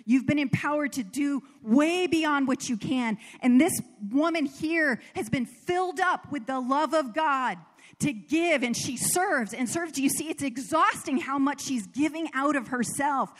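A woman's voice: high voice, measured pace, long reverb tail. A woman from the American South preaching a sermon, telling personal stories in an earnest way and laughing at herself.

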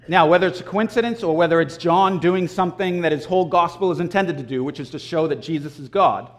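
A man delivers a sermon in a relaxed, talky way, telling a story with lively emphasis. His voice sits high for a man. He clears his throat now and then between thoughts. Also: a little fast. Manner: animated, casual storytelling with frequent throat clearing. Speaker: preacher. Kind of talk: conversational sermon.

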